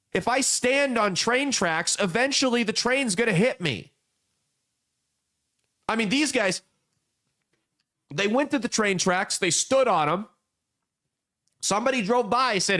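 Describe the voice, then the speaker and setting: A man's voice: sits high, expressive, slow pace, long pauses, a bit bright. A young adult man hosting casual political commentary, telling folksy parables with blunt emphasis. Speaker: podcast host.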